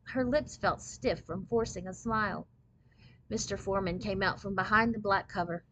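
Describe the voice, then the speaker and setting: A woman reading a children's book aloud in clear, steady storybook narration. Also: medium pitch, normal speed, a little hiss or hum, low-quality recording.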